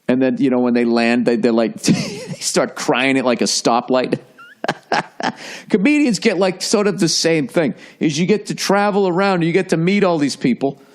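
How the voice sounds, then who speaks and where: A man's voice: a little high, moderate pace. Profane, rambling man hosting a podcast. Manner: profane, rambling, restarts sentences, mocking asides; animated storyteller. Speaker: podcast host. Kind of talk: rambling comedic podcast monologue.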